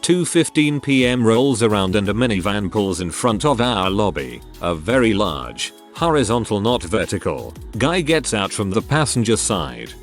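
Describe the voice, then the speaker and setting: A man reads online stories aloud in a wry, expressive scripted narration. His voice sits low, yet his pitch swings widely from line to line. Faint music runs beneath him. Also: moderate pace, few pauses. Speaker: story narrator.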